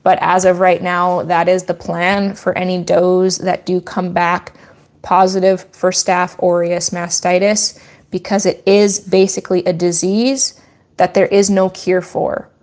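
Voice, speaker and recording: A woman's voice: lowish voice, flat delivery, measured pace, darkish tone. A woman goat farmer speaking in an earnest, firm and opinionated way in a casual Q&A vlog.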